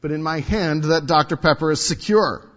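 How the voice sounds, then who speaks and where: A man's voice: on the high side, moderate pace. Emphatic preacher man in a reverberant church. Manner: emphatic, repeats key phrases, swings from quiet to loud. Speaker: pastor. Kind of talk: sermon. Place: church sanctuary. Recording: long reverb, dull lo-fi sound.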